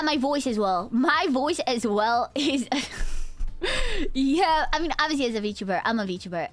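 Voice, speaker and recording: A woman in her twenties with a nasal voice, a VTuber chatting casually and directly with her live-stream chat. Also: on the high side. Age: 20s. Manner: chatty, talks straight to her chat, drifts between tired and energetic.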